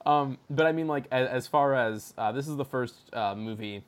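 A man chatting casually, animated, laughing often and using lots of fillers. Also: mid-range voice, normal speed. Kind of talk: casual chat.

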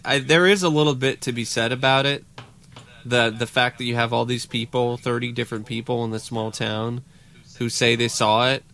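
A man's voice: mid-range voice, fairly even intonation, normal speed, gravelly, fairly bright tone. A man with a mid-range voice co-hosting a podcast. He talks in an easygoing, conversational way, laughs readily and works through his thoughts aloud. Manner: easygoing, laughs often, reasons things through. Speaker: podcast co-host. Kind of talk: casual podcast banter.

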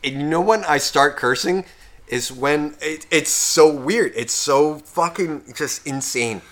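A man co-hosting a casual podcast, swearing constantly and acting out his phone calls in loud rants. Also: on the high side, slow. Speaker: podcast co-host.

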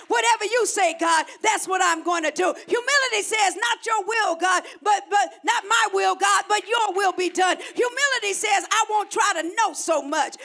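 A middle-aged woman pastor preaching a sermon, shouting in rhythmic repeated phrases and calling on the congregation to respond. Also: extremely high pitch, vocal fry.

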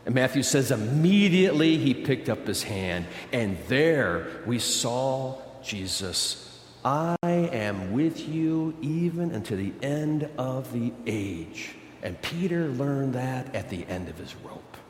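A man preaching a sermon as pastor, dramatic, swinging from loud emphatic bursts to low, quiet intensity. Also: a little hiss or hum. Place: large church hall. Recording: echoey church hall with long reverb.

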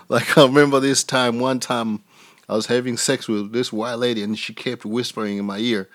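A man's voice: mid-range voice, steady tone, unhurried, pauses often, no echo, studio quality. Man doing crude stand-up. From Africa. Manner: crude, rambling, laughing at his own jokes. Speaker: stand-up comedian. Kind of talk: stand-up comedy set.

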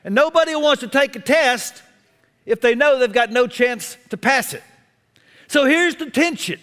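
High, animated man preaching in a hall. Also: normal speed, clean tone. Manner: animated, wry self-deprecating humor. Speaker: pastor. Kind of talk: sermon.

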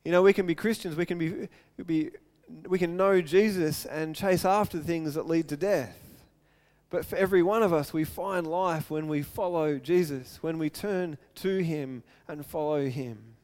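A man with a notably high voice delivering a sermon as pastor. He speaks earnestly and retells the story with feeling, moving between narration and acted-out quotes. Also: normal speed, darkish tone.

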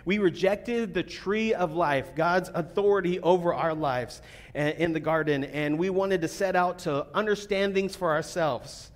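A man giving a sermon as a pastor, talking casually with fillers and restarts, then reading scripture more quietly. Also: high-pitched, measured pace. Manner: conversational preaching with fillers, reads scripture quietly.

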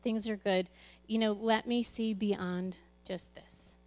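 A woman's voice: medium pitch, steady tone, slow, darkish tone. A woman who leads a church's children's ministry, giving a candid, conversational personal testimony to a congregation, often restarting her sentences.

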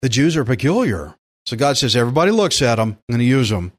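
A man preaching a sermon as pastor, animated, with sudden loud bursts of emphasis, acting out imagined prayers and objections in quoted voices. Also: medium pitch, fast.

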